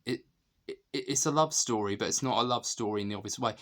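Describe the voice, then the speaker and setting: A man's voice: medium pitch, fast, a bit bright. A man talking casually and enthusiastically through a film's scenes, laughing as he retells the jokes. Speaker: film reviewer. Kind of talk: casual film analysis.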